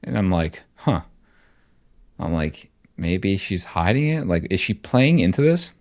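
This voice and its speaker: A middle-aged man co-hosting a podcast, telling a rambling, animated story in casual chat. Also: deep voice, a little slow. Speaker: podcast co-host.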